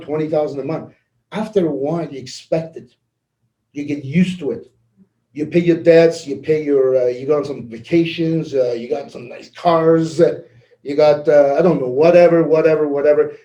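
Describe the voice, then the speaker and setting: A man giving a casual motivational talk, animated and laughing as he acts out conversations. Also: fairly high pitch, reverberant, rough recording. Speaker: network marketing leader.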